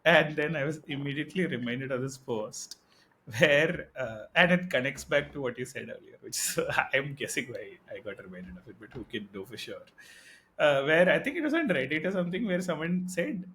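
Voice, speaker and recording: Indian English male co-host, fairly high-pitched, loose and tangent-prone, laughs at his own asides. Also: expressive, fairly quick, fairly bright tone. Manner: rambling, tangent-jumping, chuckles through his stories. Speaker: podcast co-host. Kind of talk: casual podcast chat.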